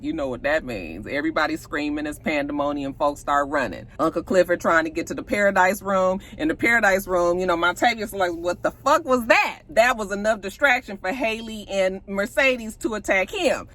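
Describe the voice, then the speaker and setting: A woman's voice: mid-range voice, fairly bright tone. A woman, casually retelling a TV episode and acting out the characters' lines. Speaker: TV show recapper.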